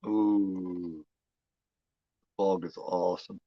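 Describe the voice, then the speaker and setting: A man's voice: low-pitched, steady tone, drawn-out words, no room sound, muffled recording. A man hosting a horror film watch-along, chatting in a rambling, profane way, full of "you know" fillers. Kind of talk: casual live commentary.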